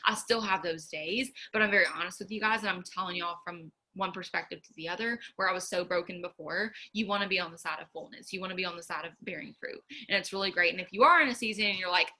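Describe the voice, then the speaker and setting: A woman's voice: fairly low pitch, quick pace, few pauses, pushed and bright, rough recording. A young woman, giving a casual, earnest faith talk to her viewers, chatty with many fillers. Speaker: faith vlogger.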